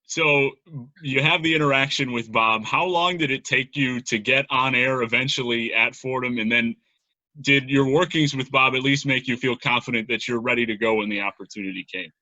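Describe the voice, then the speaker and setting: Bright-toned podcast host, muffled lo-fi audio. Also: male voice, medium pitch, moderate pace, no room sound. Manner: asks long, two-part questions. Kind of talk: casual interview questions. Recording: dull lo-fi sound.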